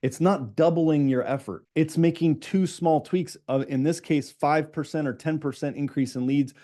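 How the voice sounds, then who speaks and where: A middle-aged man, a business coach, leading a live online coaching session. He talks fast and keeps asking his audience questions. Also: fairly high pitch, fairly even intonation, dark tone.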